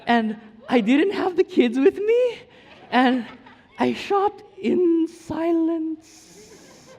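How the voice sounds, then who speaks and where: A man voicing his delighted wife in a high, gushing, drawn-out voice while preaching in a reverberant hall. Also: big pitch swings, a little mellow, full character voice. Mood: giddy. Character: giddy grown woman, thrilled after a quiet outing.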